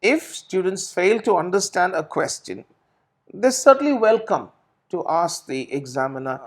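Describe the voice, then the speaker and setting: A man's voice: sits high, sing-song, unhurried. A middle-aged man teaches in a question-and-answer session. He explains patiently, repeats words and restarts his phrases, and keeps building his point. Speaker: IELTS trainer.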